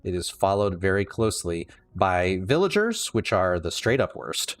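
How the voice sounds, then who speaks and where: A man's voice: sits low, big pitch swings, moderate pace, dry recording. A man livestreaming a building game, rambling casually with many restarts and some dry sarcasm.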